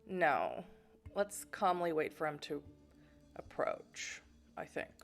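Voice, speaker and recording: A woman from Boston streams a story game, reading its narration aloud and breaking off for chatty, joking asides. Her voice sits slightly low for a woman. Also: sing-song, slow pace, gravelly, pauses often, soft background music. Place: home in Germany.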